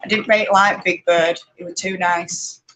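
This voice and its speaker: A woman's voice: on the low side, fairly even intonation, unhurried, a bit bright, slight background noise, rough recording. A woman with a Yorkshire accent hosting a casual live stream, chatting and rambling while answering viewers, laughing often. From northern England. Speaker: spinning vlogger hosting a live chat.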